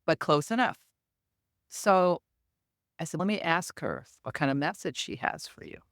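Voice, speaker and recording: A woman's voice: low-pitched, normal speed, no room sound, clean studio sound. A middle-aged woman, a medium and podcast guest, telling anecdotes in an interview and acting out the quoted dialogue. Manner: animated, acts out quoted dialogue.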